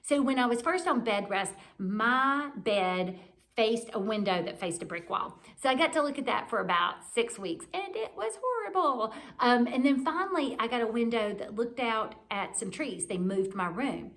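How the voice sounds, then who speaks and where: A woman's voice: a little high, lively intonation, moderate pace. Reflective woman sharing a devotional talk. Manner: candid, reflective, gently encouraging. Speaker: church speaker.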